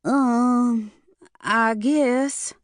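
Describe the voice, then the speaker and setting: A woman voicing a scared young woman just out of school, with a squeaky, trembling, hesitant and slangy way of talking. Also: takes it slowly, fairly bright tone, no room sound, clean studio sound.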